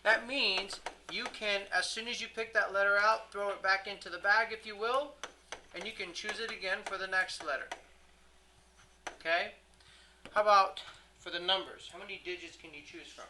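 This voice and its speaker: In a classroom lecture, a math teacher with a strikingly bright, crisp, middle-pitched voice works through a lesson at a moderate pace with fairly even intonation. The teacher checks in with students often, poses questions to them, and corrects their own mistakes on the spot. The recording is rough, with slight background noise.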